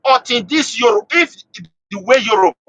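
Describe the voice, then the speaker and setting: Man, call-in guest, heated political commentary, high animated voice, husky bright tone, repeats himself for emphasis. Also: moderate pace, no room sound, poor audio. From Nigeria. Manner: emphatic, repeats and restarts phrases.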